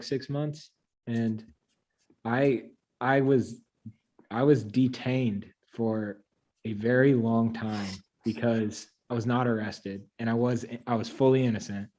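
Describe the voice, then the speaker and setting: A young man on a casual panel chat, telling a story in an animated way and laughing between lines. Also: mid-range voice, a little slow.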